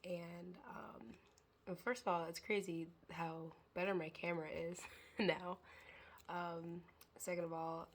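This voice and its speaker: A young woman vlogging in a casual, rambling way, her voice hoarse and congested from a cold. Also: fairly low pitch, fairly even intonation, takes it slowly, slight background noise. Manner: rambling, chatty, trailing off into fillers. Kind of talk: casual chat to camera.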